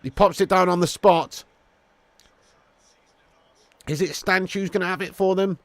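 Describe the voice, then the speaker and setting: A man hosting a live football watch-along, chatting casually to viewers, swearing freely, and getting loud when calling goals. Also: sits high, steady tone, a little slow, no echo. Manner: casual, laddish, swears freely, calls viewers mate and lad. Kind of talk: live streamed football commentary and chat.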